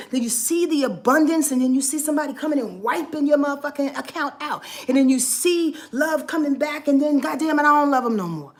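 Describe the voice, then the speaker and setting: A high-pitched woman runs an astrology vlog, and here she rambles through a sincere, emotional monologue, swearing freely and at times nearly crying.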